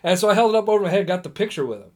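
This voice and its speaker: A man from Indiana telling stories in casual chat, animated, bursting fast and restarting mid-sentence. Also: high-pitched. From Indiana, USA.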